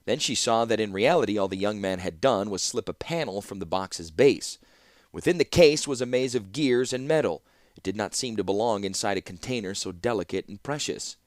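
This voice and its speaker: A man narrating a fantasy audiobook in an expressive storytelling manner. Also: on the low side, a little fast, no room sound, studio quality.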